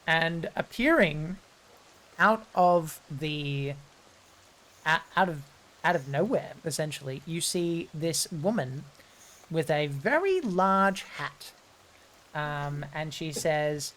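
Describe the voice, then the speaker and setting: A woman running a tabletop game as game master, narrating in a relaxed, hesitant way with many ums. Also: low voice, slow pace.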